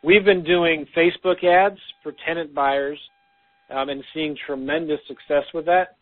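A man's voice: on the high side, steady tone, unhurried. A man co-hosting a casual business talk, giving practical advice with frequent "um" fillers, heard over a phone line. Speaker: podcast co-host.

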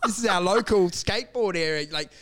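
Brief: young man, light high voice, rambling anecdotal storyteller who swears freely. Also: fairly quick, fairly bright tone. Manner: rambling storyteller, swears a lot, laughs through stories. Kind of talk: casual comedic chat.

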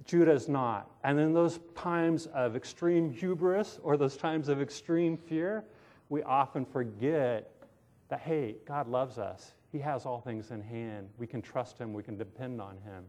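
A man's voice: mid-range voice, a little mellow, highs cut off. A man preaching a conversational sermon in a casual tone, often asking his listeners questions and calling himself sarcastic. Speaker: pastor.

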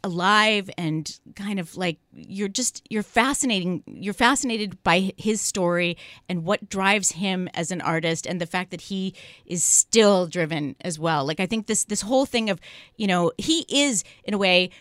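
A woman's voice: medium pitch, unhurried, a bit bright, no echo, studio quality. A woman film critic on a radio show, speaking thoughtfully and searching for words as she reflects on a filmmaker. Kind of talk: radio film review discussion. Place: radio studio. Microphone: studio microphone.

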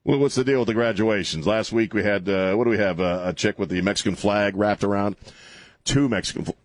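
On a call-in talk radio show, a male host rants and mocks, laughing at his own jokes. His voice is on the low side and brisk, captured dry on a studio microphone.

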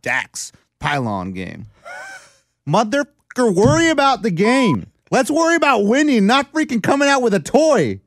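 A man's voice: very high-pitched, normal speed, no room sound, studio quality. A man from South Texas, co-hosting a casual sports chat and ranting about his team. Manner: animated, ranting, swearing. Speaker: podcast co-host.

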